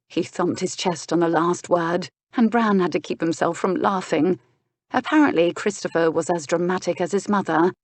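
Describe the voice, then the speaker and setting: A woman reads a novel aloud in an even, steady manner. Her voice sits low and the recording is close and dry, with no room sound. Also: normal speed, dry recording. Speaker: audiobook narrator. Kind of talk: scripted narration.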